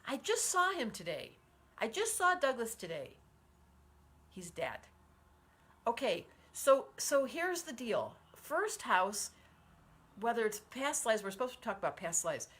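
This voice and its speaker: A woman's voice: on the high side, big pitch swings, unhurried, fairly bright tone, husky. A woman in her sixties hosting a live stream as an astrologer. She is effusive and encouraging, reads viewer comments aloud and leads group breathing. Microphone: livestream setup.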